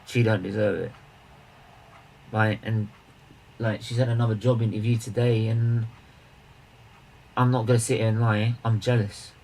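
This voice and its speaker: A man's voice: lowish voice, flat delivery, moderate pace, gravelly, long pauses, darkish tone, a little hiss or hum, poor audio. Chatty man hosting a live stream. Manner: chatty, banters with viewers, rambling with restarts. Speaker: charity stream host. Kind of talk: casual live-stream chat.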